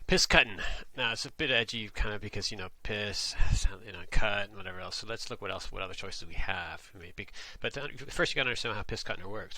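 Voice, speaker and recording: A man from Atlantic Canada with a deep, low voice muses his way through a satirical vlog monologue. He is tongue-in-cheek and rambling, circling back over his own thoughts. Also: fast, hardly any pauses, bright, forceful tone, no echo. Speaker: vlogger.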